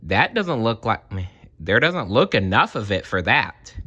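A man's voice: on the low side, big pitch swings, measured pace, sharp tone, slightly rough, muffled recording, full character voice. A man voicing a curious, naive toy in a storybook reading, sounding puzzled.

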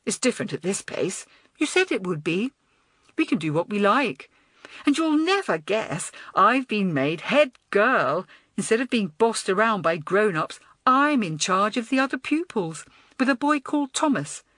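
A woman voicing a spoiled, boastful schoolgirl who talks in a high, whiny, demanding way. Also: sing-song, moderate pace, a bit bright, no echo. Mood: gloating.

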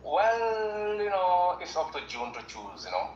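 A man's voice: high voice, very animated, a little slow, darkish tone, echoey room, dull audio, a little hiss or hum. A man from Gambia, a guest on a livestream, speaking earnestly and repeating himself with lots of "you know". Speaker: guest caller. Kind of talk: casual chat.

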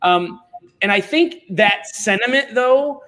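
High-voiced, emphatic middle-aged man. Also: slow, soft background music. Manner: emphatic, animated, blunt and informal. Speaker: podcast guest. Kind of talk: casual conversational storytelling.

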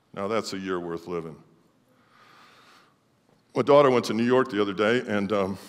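A middle-aged male pastor preaching a sermon emphatically, swinging between loud declarations and quiet asides. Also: mid-range voice. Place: church sanctuary. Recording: long church hall reverb.

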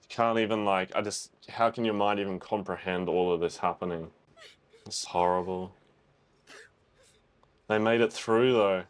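Young guy reacting, low voice. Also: steady tone, moderate pace, long pauses. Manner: chatty, exclaims and thinks aloud. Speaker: reaction video host. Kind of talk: casual film reaction commentary.

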